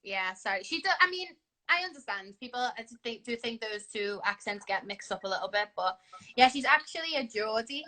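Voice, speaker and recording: A woman chats as a guest on a livestream video call. Her voice is bright and forceful and sits a little high. She tells her stories in a playful, giggly way. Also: expressive, a little fast, rough recording. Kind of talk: casual livestream chat. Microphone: video call on a phone livestream.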